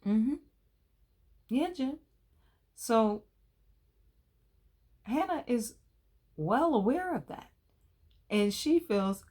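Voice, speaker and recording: A woman's voice: a little high, expressive, unhurried, pauses often. A woman in her thirties, hosting a casual recap of a TV episode, talking in a chatty, colloquial and opinionated way. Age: 30s.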